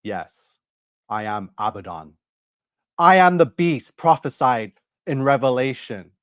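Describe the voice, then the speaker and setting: A man's voice: medium pitch, sing-song, slow pace, no room sound, clean studio sound. A man reading aloud an AI chatbot's answers, cast as a demon making a solemn confession.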